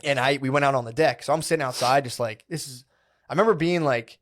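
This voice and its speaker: A man's voice: medium pitch, fast talker, fairly bright tone. A man co-hosting a podcast, telling a long story in a rambling, profane, slangy way, full of "dude" and "like". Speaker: podcast co-host. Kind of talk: casual storytelling chat.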